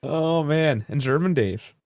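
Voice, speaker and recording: A man co-hosting a casual sports podcast, laid-back and measured, laughing easily. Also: on the high side, a little mellow, no room sound, clean studio sound. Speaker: podcast co-host.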